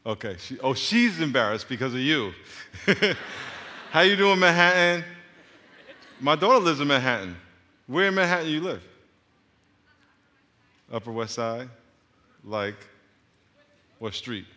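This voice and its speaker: A man's voice: mid-range voice, expressive, measured pace, long pauses, pushed and bright. A middle-aged man from Long Island, a pastor greeting his congregation and joking with the crowd. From Long Island, New York. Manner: joking, teasing banter with the crowd. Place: large church auditorium. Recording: reverberant large hall.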